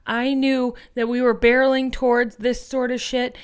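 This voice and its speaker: A woman's voice: a little high, flat delivery, normal speed, smooth. Fiery, profane woman ranting. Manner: angry, profane, rallying; addresses listeners as friends. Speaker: activist podcast host. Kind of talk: impassioned political monologue.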